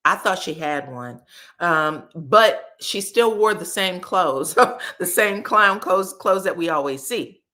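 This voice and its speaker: A woman's voice: fairly low pitch, slow pace. Chatty gossiping woman recapping TV. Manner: chatty and gossipy, acts out quotes in animated voices. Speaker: reality TV recap host. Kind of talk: casual recap commentary.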